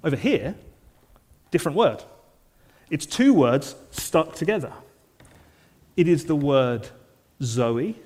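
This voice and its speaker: A man's voice: fairly high pitch, animated, slow pace, pauses often. Earnest preacher man in a reverberant hall. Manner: earnest, drops to soft intense lines. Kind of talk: sermon.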